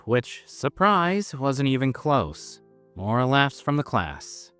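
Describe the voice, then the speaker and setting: A man's voice: medium pitch, big pitch swings, unhurried, fairly bright tone, clean tone, soft background music. A man narrating a story in the first person, in a casual, self-mocking manner.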